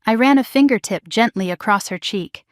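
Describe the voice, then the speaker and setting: A woman narrating a dramatic first-person story in a measured, even delivery. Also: fairly high pitch, dry recording, studio quality.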